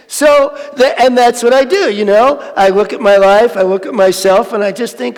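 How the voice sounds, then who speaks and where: A man in his sixties giving a sermon-style talk with animated, self-mocking storytelling. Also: high-pitched, moderate pace, creaky, few pauses. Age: 60s. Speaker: speaker at a spiritual centre. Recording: hall reverb.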